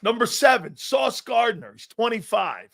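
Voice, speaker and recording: A man hosting a sports talk show, rambling through stories and growing animated as he reads out a list. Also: very high-pitched, measured pace, gravelly. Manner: rambling storyteller, animated when reading a list. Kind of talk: casual sports talk monologue.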